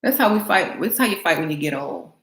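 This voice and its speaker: A woman's voice: fairly low pitch, animated, brisk, fairly bright tone. Chatty woman vlogger in a roomy space. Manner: chatty, laughing, answers chat comments. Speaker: beauty vlogger livestreaming to chat. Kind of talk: casual chat while getting ready. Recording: roomy echo, faint noise.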